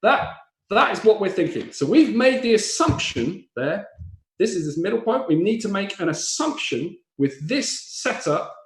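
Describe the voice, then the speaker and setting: A man's voice: sits high, big pitch swings, normal speed. A man teaching stand-up comedy, explaining how jokes work and acting out silly little voices. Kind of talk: explaining joke structure, live online session. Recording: echoey room.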